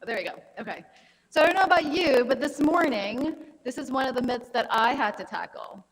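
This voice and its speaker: A woman's voice: sits high, animated, a little fast, big-room sound, rough recording. A woman in her thirties, a gynecologic oncologist, giving a friendly, anecdotal health talk at a conference. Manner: friendly, anecdotal, conversational lecturing. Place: conference hall.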